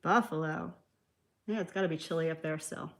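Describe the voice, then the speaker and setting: A woman's voice: sits low, a little fast. A woman hosting a live nail art tutorial, chatting casually, answering viewer comments and laughing easily. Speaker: nail art livestream host.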